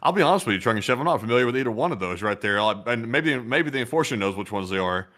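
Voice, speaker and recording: A male co-host on a live stream with an easygoing, rambling way of talking. He leans on fillers and chats casually, with a voice of middling pitch. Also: rapid-fire. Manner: relaxed and rambling, heavy on fillers like "like".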